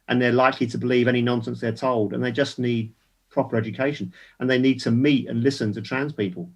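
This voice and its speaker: A man's voice: mid-range voice, steady tone, fast. An older man, a guest activist on a casual online panel, making emphatic, indignant points and repeating words as he builds them.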